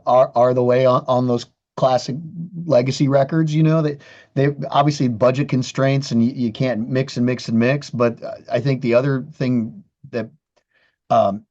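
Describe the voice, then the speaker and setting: A man's voice: medium pitch, a little mellow, muffled recording. A man, a guitarist guest in a casual interview, talking candidly with frequent restarts and swearing. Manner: candid, profane, many restarts.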